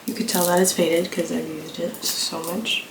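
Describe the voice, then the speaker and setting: Rambling, slightly hoarse young woman vlogging. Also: lowish voice, flat delivery, normal speed. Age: young adult. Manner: rambling, filler-heavy, offhand. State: slightly hoarse, coming down with a cold. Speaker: beauty vlogger. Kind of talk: casual makeup tutorial chat. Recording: echoey room with clear background noise.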